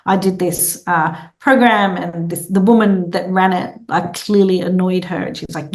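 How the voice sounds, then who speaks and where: A woman guest in a conversational interview, telling stories in a playful, animated way. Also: mid-range voice, moderate pace, few pauses.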